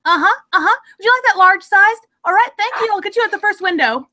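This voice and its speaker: A woman voicing a chirpy young drive-through cashier, quick and sing-song polite, with a Southern twang. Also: extremely high pitch, expressive, pushed and bright, pitched above the performer's own voice, heavily acted.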